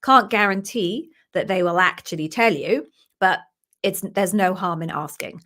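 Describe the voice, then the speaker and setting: A woman's voice: fairly low pitch, measured pace, fairly bright tone. A woman working as an interview coach, giving direct, practical answers in a live Q&A session.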